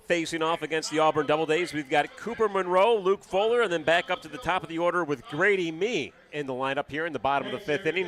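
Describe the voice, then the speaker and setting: A man giving baseball color commentary on radio, measured and full of stats. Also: fairly high pitch, a bit bright. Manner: measured, stat-heavy analysis.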